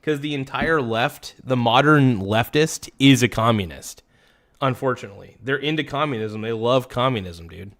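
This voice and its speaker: A man hosting a casual livestream, excitable and swearing often as he thanks viewers by name. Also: medium pitch, moderate pace. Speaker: livestream host.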